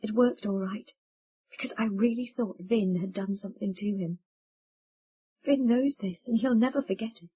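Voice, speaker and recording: A woman's voice: mid-range voice, moderate pace, dark tone, slightly rough. A woman voicing a distressed, tearful young woman who speaks in a shaken, pleading way, in a dull lo-fi recording.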